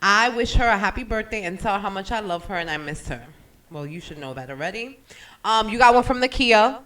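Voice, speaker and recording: A radio show host chatting casually, telling stories in an animated, slangy way and asking a guest questions. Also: mid-range voice, brisk, far from the mic, low-quality recording. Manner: animated, loose storytelling with slang. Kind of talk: casual radio interview chat.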